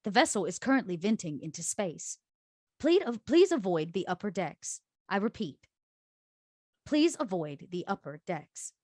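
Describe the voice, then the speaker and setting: A woman voicing a calm robotic station announcer in a tabletop game, slow and measured. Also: mid-range voice, dry recording, studio quality. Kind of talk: tabletop game role-play.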